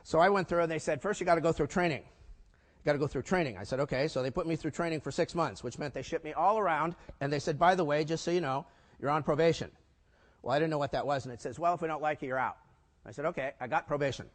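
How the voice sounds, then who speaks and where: An older man giving a conference talk, telling lively stories and tossing rhetorical questions at the audience. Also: fairly high pitch, fast. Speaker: keynote speaker. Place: conference hall before a live audience. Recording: long reverb of a large hall.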